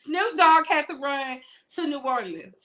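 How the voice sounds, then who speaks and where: A woman hosts a casual livestream, her voice sitting very high and bright with a sharp edge. She talks in an animated, teasing way, trash-talking playfully and breaking into laughter often. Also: a little slow. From Southern United States. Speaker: livestream host. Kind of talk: casual livestream chat with audience.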